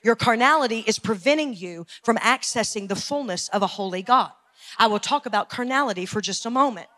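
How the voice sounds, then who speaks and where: A woman pastor delivers a fiery sermon from the pulpit in a high, ringing voice. Her tone is bright and sharp, and she hammers her points home by repeating lines with mounting force. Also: a little fast. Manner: preaching with rising intensity, repeating phrases for emphasis. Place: church sanctuary.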